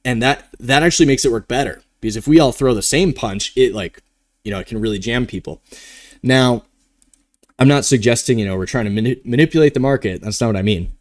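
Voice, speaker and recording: A man's voice: medium pitch, a little fast, no echo. Casual, rambling male stream host. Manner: rambling, conversational, yawning now and then. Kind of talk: casual live stream talk.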